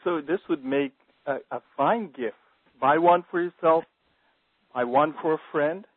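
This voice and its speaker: A man's voice: a little high, a little slow, no room sound. A man interviewing a guest by phone, asking prompting questions and adding brief interjections. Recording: dry tinny phone line.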